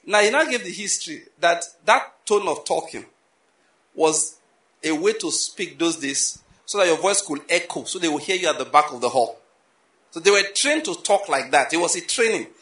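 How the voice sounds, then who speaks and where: A man preaching a sermon, animated and repetitive, full of rhetorical questions. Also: fairly high pitch, normal speed, roomy sound. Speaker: pastor.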